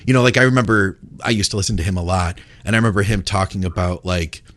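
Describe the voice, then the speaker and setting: A man co-hosting a casual podcast, talking in a relaxed way full of fillers and "like". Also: sits low, fast talker, dry recording. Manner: relaxed, filler-heavy, says like a lot. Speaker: podcast co-host.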